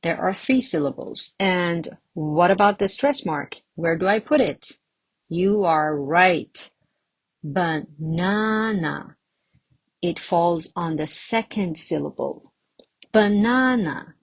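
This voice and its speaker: A woman's voice: fairly low pitch, slow pace, husky. A woman teaching English pronunciation to camera, patiently asking the viewers questions and answering them herself.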